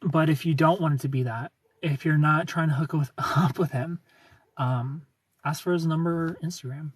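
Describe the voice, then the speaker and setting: A man's voice: fairly high pitch, fairly even intonation, normal speed, slightly rough, dry recording, far from the mic. A British man speaking in a put-on American accent, chatting casually on a livestream and reading viewer comments aloud. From Britain. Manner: chatty, reads comments aloud, laughs often. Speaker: livestream host answering chat.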